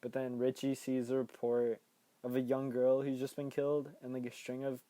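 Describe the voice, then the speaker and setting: A man's voice: medium pitch, completely flat delivery, normal speed, mellow, no room sound. A young man hosting a podcast, casually retelling a film's plot with a playful, laughing manner and sudden jumps into quoted voices. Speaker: podcast host recapping a film. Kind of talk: casual movie recap.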